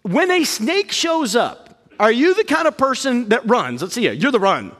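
A man in his thirties preaching a storytelling sermon, animated and self-mocking, jumping to high yelps when he acts out fear. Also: moderate pace. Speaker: pastor. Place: church auditorium. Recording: reverberant hall.

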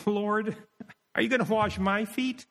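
A man's voice: high-pitched, steady tone, measured pace, a bit bright, long reverb tail, pitched above the performer's own voice. A man voicing an anxious disciple, speaking in a raised, questioning tone.

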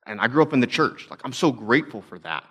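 A man's voice: medium pitch, animated, fast, husky, muffled recording. A young adult man, a pastor, telling stories in a conversational, self-deprecating sermon talk.

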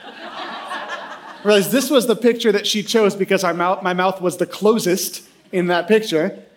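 A man in his thirties preaching a sermon, telling a self-deprecating funny story in an animated way. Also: high-pitched, moderate pace, a little hiss or hum. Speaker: pastor.

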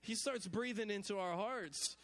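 A man's voice: high-pitched, a little slow. A man pastor preaching a sermon, repeating phrases, stumbling over restarts and calling on the congregation to respond. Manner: repetitive preaching with stammered restarts and call-and-response; animated, builds to shouted exclamations.

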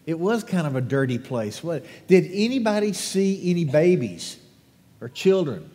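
A pastor reading scripture and then leading a lively children's sermon, questioning the congregation with animated energy. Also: male voice, a little high, moderate pace. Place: church sanctuary. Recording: long echo of a large church hall.

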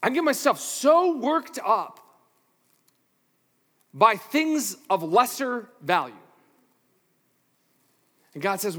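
A man preaching a sermon as a pastor, animated and playful, swinging from loud to hushed with self-deprecating asides. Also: very high voice, slow, long pauses. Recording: reverberant hall.

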